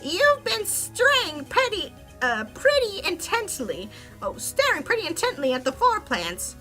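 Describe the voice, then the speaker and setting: Woman playing a sneering male prosecutor, drawn-out taunts, bright sharp tone, game dialogue read aloud. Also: very high voice, huge pitch swings, faint music behind, voice pushed up, heavily acted. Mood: taunting.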